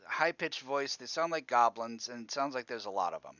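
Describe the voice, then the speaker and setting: A male game master narrates a tabletop game slowly, thinking aloud and laughing as he goes. His voice is bright and his pitch swings widely. The recording sounds dull and dry. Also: lively intonation, no echo.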